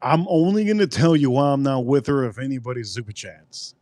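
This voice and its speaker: Rambling, repetitive livestream host, dry sound. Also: male voice, mid-range voice, big pitch swings, a little fast, a little mellow, dry recording. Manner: rambling, repeats phrases, talks straight to chat. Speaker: livestream host reviewing drinks. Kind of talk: casual live-stream chat.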